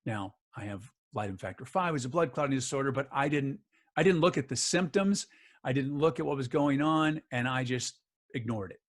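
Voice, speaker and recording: A man's voice: medium pitch, expressive, moderate pace. A middle-aged man telling a personal story in an interview, acting out the other people's lines as he goes. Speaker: guest, author and voice actor.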